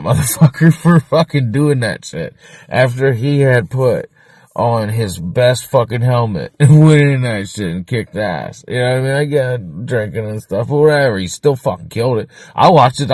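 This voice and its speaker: A man interviewed about his former band, talking in a rambling, profane, excitable way and laughing often. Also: medium pitch, dry recording. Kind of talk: casual documentary interview.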